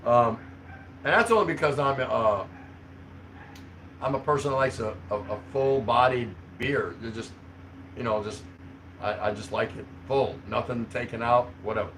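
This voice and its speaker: A man's voice: medium pitch, moderate pace, pauses often, fairly bright tone, a little hiss or hum, poor audio. A man hosting a livestream, reading out chat comments in a rambling, chuckling, easygoing way. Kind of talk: casual live chat. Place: home in the Philippines.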